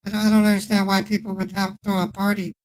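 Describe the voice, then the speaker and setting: A woman's voice: mid-range voice, monotone, fast talker, a little mellow, slight background noise, low-quality recording. A woman scam baiter chatting casually and teasingly on a live stream. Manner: playful, teasing.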